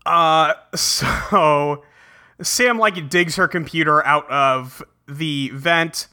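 Male podcast co-host, very bright tone, casual chatty plot recap. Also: fairly high pitch, very slow. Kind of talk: casual chat recapping a cartoon.

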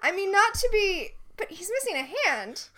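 High, lively woman laughing through a recap. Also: moderate pace. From Florida. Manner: animated, amused, laughs often. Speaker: podcast co-host. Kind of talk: casual TV recap chat.

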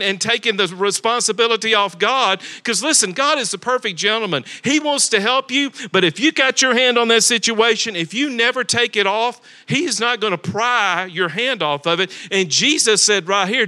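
A male pastor preaching with a high, bright and forceful voice. He talks emphatically, repeats words for weight and keeps asking his congregation rhetorical questions. It sounds like a church service. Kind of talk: sermon. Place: church sanctuary.

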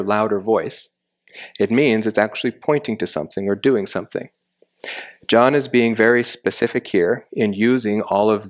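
A man giving expository Bible teaching, methodically explaining the Greek grammar of a passage step by step. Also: on the low side.

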